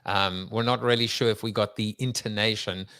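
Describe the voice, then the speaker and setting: A man's voice: fairly low pitch, steady tone, normal speed, bright, forceful tone, smooth, no room sound. Jokey rambling male podcast host. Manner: rambling, jokey, with fillers and restarts. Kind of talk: conversational interview.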